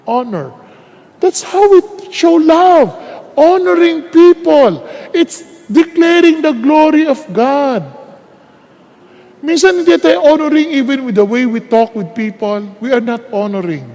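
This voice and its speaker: High-voiced Filipino preacher in a hall. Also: male voice, animated, unhurried, a little mellow. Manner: switches between English and Tagalog, asks rhetorical questions; emphatic, stresses key words. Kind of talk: sermon.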